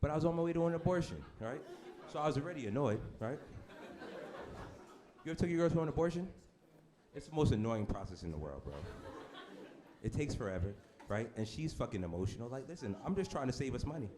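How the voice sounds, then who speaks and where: A man performing a brash stand-up comedy set on a club stage, with deadpan shock delivery and asides to the crowd. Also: mid-range voice, brisk, long pauses. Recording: noisy live club recording. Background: audience laughter.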